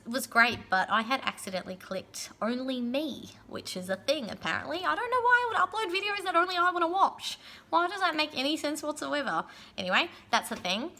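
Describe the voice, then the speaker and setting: A young woman giving chatty, casual advice in a vlog, often checking in with "yeah?" and filling pauses with "um". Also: fairly high pitch, sharp tone. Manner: chatty, frequent "yeah?" tag questions and ums. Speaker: pole and aerial competition vlogger.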